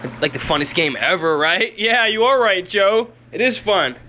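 Hyper, slangy young man, slightly high. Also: lively intonation, moderate pace, sharp tone, a little hiss or hum. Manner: hyper, rambling, slangy and profane. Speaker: vlogger giving a home tour. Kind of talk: casual rambling home tour. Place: indoors at home. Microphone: handheld camera.

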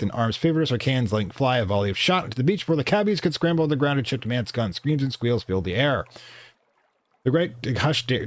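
A man hosting a let's play, reading the game's text aloud, stumbling over words and correcting himself between casual remarks. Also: medium pitch. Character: shy albino rat tinker, male.

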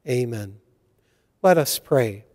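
A man leading Mass and reading scripture aloud as a priest, in a measured liturgical way. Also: medium pitch, animated, a little mellow. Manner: slow, measured liturgical delivery. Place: church. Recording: church hall reverb.

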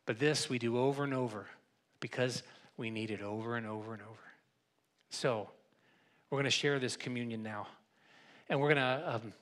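Preaching from the pulpit of a church sanctuary, this pastor has a mid-range, slightly bright voice. His delivery is conversational, with frequent restarts where he repeats words.

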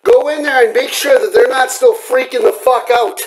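High-voiced furious man ranting. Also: normal speed, rough recording. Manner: furious, profane, threatening. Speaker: vlogger. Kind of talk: angry rant to camera. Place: home at night.

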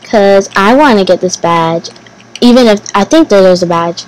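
A woman giving casual gameplay commentary as host of her channel, talking to herself nervously, repeating phrases and bursting into excited exclamations. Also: mid-range voice, normal speed, low-quality recording. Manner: nervous, anxious self-talk, repeating phrases.

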